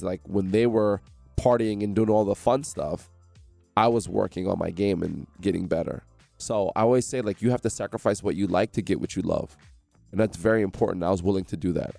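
Gravelly-voiced man telling stories. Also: deep voice, dry recording. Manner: animated, acts out quoted voices. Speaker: radio interview guest. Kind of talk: storytelling in a radio interview. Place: radio studio.

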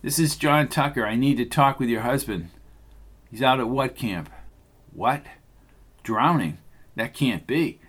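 Male reader playing a gruff cowboy trucker around forty, terse, takes charge. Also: medium pitch, unhurried, long pauses, fairly bright tone. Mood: shaken. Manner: terse, commanding.

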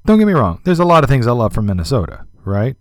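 Male podcast host, mid-pitched, chatty and rambling, dry close sound. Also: big pitch swings, fast talker, no room sound. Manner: chatty, rambling, many fillers and asides. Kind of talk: casual radio-style music commentary.

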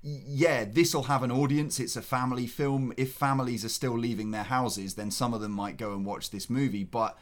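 A man's voice: medium pitch, steady tone, moderate pace, hardly any pauses. A man hosting a film review show, giving blunt opinions in casual chat with his co-host.

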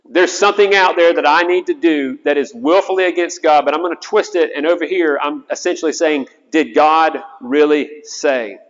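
A man's voice: fairly high pitch, fairly quick, hardly any pauses. A man, a chaplain, preaching an earnest sermon, often repeating words as he goes. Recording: dull sound with long hall reverb.

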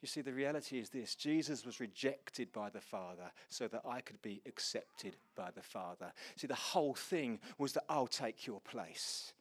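Guy preaching a sermon, earnest, talks right to the congregation, middle pitch voice. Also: animated, husky. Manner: impassioned preaching that swings from loud exclamations to hushed, slow passages; earnest and personal, speaking directly to the congregation.

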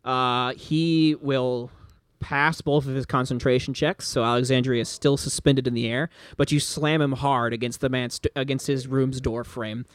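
A man narrating a tabletop game as game master in an animated, rambling way. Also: mid-range voice, moderate pace, clean tone, dry recording.

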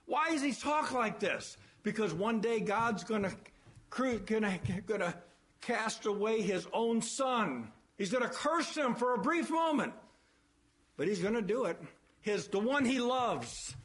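A man's voice: sits high, expressive, a little slow, a bit bright. A man preaching a sermon, emphatic, repeating his phrases and asking rhetorical questions.

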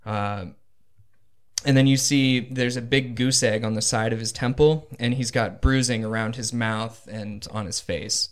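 A man narrates a tabletop game as game master at an unhurried, deliberate pace. He pauses often on ums and restarts while he pictures the scene. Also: medium pitch, fairly even intonation. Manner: slow and hesitant, full of ums.

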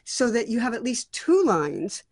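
A woman's voice: a little high, very animated, a little slow, darkish tone. Thoughtful woman critiquing a song. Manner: thoughtful, frequent restarts and fillers. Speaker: songwriting mentor.

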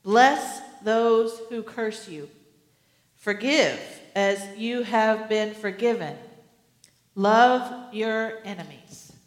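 A woman pastor preaching a sermon in an earnest way, with gentle humor. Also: medium pitch, drawn-out words, roomy sound, long reverb tail.

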